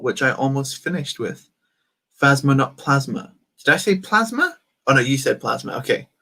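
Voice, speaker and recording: A man's voice: mid-range voice, a bit bright. Rambling young man live-streaming a build. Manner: rambling, reads chat aloud, many fillers. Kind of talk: casual live-stream chat.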